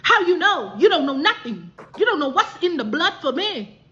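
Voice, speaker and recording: Woman doing a pushy high Vietnamese-accented lady. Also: big pitch swings, normal speed, fairly bright tone, echoey room, exaggerated voice. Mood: defiant. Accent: put-on Vietnamese. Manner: broken English, mocking questions, sing-song teasing. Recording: dull lo-fi clip audio.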